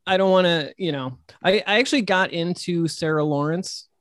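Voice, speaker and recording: A man's voice: sits high, normal speed, a bit bright, no room sound, clean studio sound. A man, a horror author and podcast guest, telling rambling stories in casual chat and swearing casually.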